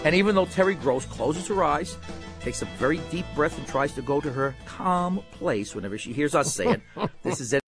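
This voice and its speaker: High, lively, laughing radio host. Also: male voice, moderate pace, music in the background. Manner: laughs often, teasing. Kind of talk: joking radio banter.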